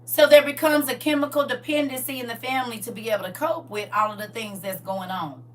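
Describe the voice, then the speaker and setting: A woman's voice: fairly high pitch, fairly even intonation, fairly quick, recorded from a distance, a little hiss or hum. Lady running a bible study stream, reads scripture then preaches to the chat, sits back from the mic. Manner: casual, preachy, talks to her viewers directly. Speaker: Bible class teacher. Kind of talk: livestreamed Bible study class.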